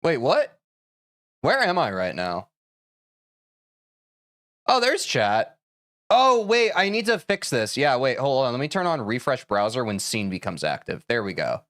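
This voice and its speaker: A man's voice: mid-range voice, sing-song, unhurried, long pauses, a bit bright, no room sound, studio quality. A man streaming a game, talking casually to his chat in a rambling, self-interrupting, opinionated way.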